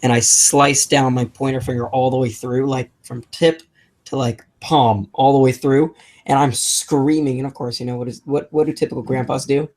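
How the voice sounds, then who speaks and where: A man's voice: mid-range voice, fairly even intonation, normal speed, a little mellow. A young adult man co-hosting a maker podcast, telling rambling stories in casual chat with many restarts. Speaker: podcast co-host.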